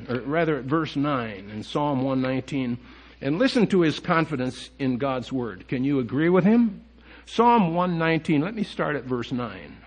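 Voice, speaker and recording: A man preaching an earnest sermon to his congregation, his voice sitting a little high for a man. He reads scripture aloud and stops to put direct questions to his listeners. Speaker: pastor. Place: church.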